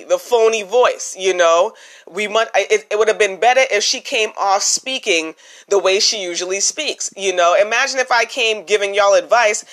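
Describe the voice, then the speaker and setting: A woman hosting a podcast, giving her opinions in casual commentary that is full of "you know" asides. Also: lowish voice. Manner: chatty, opinionated, many "you know" fillers. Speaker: podcast host.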